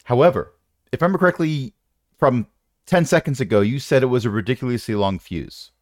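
A man's voice: mid-range voice, a little fast, dry recording, clean studio sound. A man narrating as game master in a tabletop game, wry and rambling with playful jokes.

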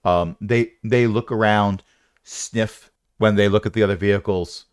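A man's voice: fairly low pitch, steady tone, unhurried, clear, resonant tone, no echo, clean studio sound. A man narrating a tabletop game as game master, with playful, rambling descriptions and asides.

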